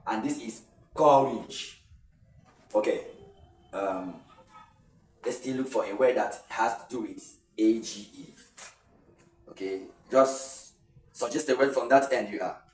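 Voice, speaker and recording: A man with a Nigerian English accent teaching pronunciation in an online lesson. He explains slowly and repeats words, drawing them out. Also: on the low side, darkish tone, a little hiss or hum. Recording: echoey room, voice a bit far from the mic.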